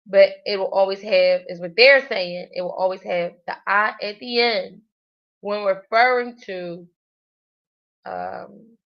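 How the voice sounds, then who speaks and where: A woman's voice: mid-range voice, takes it slowly, highs cut off. A woman livestreaming her language study, thinking aloud hesitantly with many fillers. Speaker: language learner.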